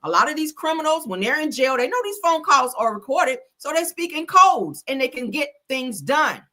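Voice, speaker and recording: A woman's voice: high voice, normal speed. A woman hosting casual news commentary, blunt and profane, talking straight to her viewers. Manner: animated, blunt, profane, addresses viewers directly. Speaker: commentary host.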